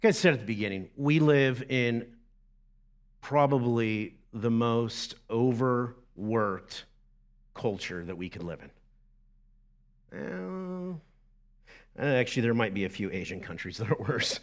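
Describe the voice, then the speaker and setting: A middle-aged man, a lead pastor preaching a sermon in a lively, conversational way with asides to the congregation. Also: mid-range voice, a little slow, long pauses.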